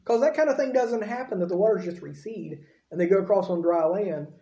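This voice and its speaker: A man's voice: sits high, fairly quick, mellow, reverberant, lo-fi sound. A man preaching a sermon in a folksy, conversational way, with frequent asides to the congregation.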